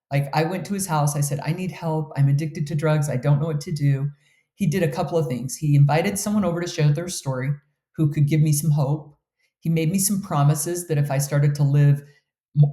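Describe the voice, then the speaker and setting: Woman in her 50s telling her story, warm mellow tone, kinda roomy echo. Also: deep voice. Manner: earnest, candid, emotional storytelling. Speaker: guest. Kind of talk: personal storytelling in an interview.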